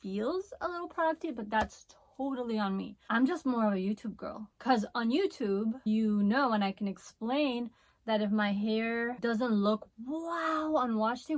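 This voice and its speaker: A woman's voice: fairly high pitch, moderate pace, dry recording. A woman with a Spanish accent chatting enthusiastically through a hair product review vlog. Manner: chatty and enthusiastic, with laughs and asides. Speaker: hair care vlogger.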